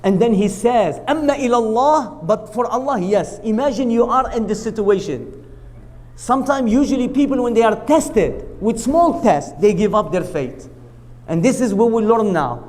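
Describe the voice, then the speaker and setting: A man's voice: high voice, moderate pace. A man giving a storytelling lecture at a mosque, acting out the quoted speech, with non-native English grammar. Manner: animated retelling that acts out quoted speech. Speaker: lecturer at a mosque family night.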